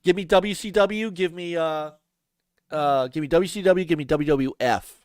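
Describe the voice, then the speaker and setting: A man guesting on a gaming podcast, chatting excitably and often breaking into laughter. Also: a little high, normal speed, clear, resonant tone, no room sound, clean studio sound. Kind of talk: casual chat.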